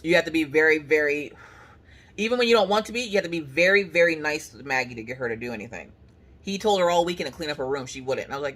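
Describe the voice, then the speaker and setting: A woman chats casually to the camera. She tells stories with plenty of animation and acts out the people she quotes. Her pitch swings widely from high to low. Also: fast. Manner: animated storytelling with voiced quotes. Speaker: craft vlogger. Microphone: camera on the couch.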